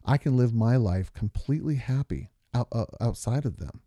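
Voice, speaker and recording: A man with a medium-pitched, warm voice co-hosts a casual podcast with his wife, speaking animatedly at normal speed. The recording is dry and studio quality, and he talks earnestly through long examples and stories.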